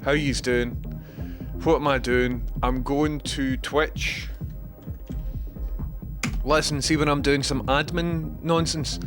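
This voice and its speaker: A man's voice: fairly high pitch, flat delivery, takes it slowly, pauses often. A Scottish man chatting casually on a livestream, rambling and speaking directly to his viewers. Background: background music.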